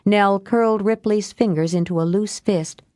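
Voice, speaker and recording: A woman reading an audiobook aloud, lifting her pitch for dialogue and dropping low for the narration. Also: moderate pace, a little mellow, no echo, studio quality. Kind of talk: audiobook narration with character voices.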